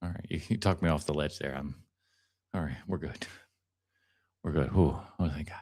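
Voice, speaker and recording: A man hosting a live podcast stream, chatting casually and teasing, with lots of quick restarts. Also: extremely low pitch. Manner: animated and teasing, many restarts. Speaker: podcast host reacting to clips.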